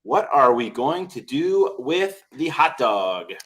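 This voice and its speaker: A man co-hosting a casual chat show, joking and acting out quick little voices as he talks. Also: mid-range voice. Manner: animated, jokey, acts out little quoted voices. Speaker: podcast co-host.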